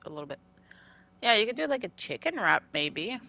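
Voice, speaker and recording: A woman's voice: medium pitch, sing-song, fairly quick, creaky, sharp tone. A woman streamer who has just woken up, chatting playfully and rambling while she plays a game. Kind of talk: casual livestream chat while gaming.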